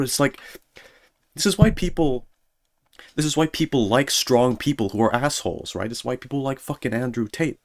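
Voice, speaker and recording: A man's voice: medium pitch, normal speed. A man streaming as a VTuber, rambling sarcastically in a casual monologue and mocking people in put-on voices.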